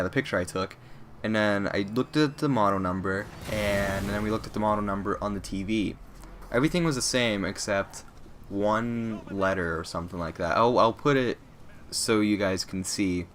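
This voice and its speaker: A young man vlogging, telling a story excitably and acting out quotes with lots of "like"s. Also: on the low side, slight background noise. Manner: excitable, acts out quotes, many "like"s. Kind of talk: casual storytelling to camera.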